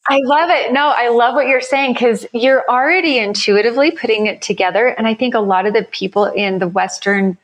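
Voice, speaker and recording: A woman's voice: fairly high pitch, a little fast, few pauses. A woman company founder, a guest on a podcast interview, explaining her work in an enthusiastic, conversational way. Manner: enthusiastic, explanatory, self-correcting.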